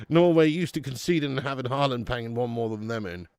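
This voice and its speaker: A man's voice: medium pitch, a little fast, no echo, clean studio sound. A man hosting a live football watch-along, chatting in casual banter, swearing freely and calling everyone mate.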